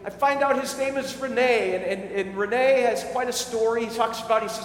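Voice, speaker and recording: A man's voice: very high voice, normal speed, slight background noise. Male pastor, conversational sermon storytelling; faint background ambience in a reverberant hall. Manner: conversational storytelling with frequent restarts.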